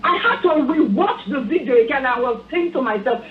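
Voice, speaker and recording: A woman's voice: sits high, expressive, brisk, noisy background. A Nigerian woman from Edo State calling in to a talk show, giving impassioned, angry political commentary and pleading again and again. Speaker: phone-in caller. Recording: echoey tinny phone line.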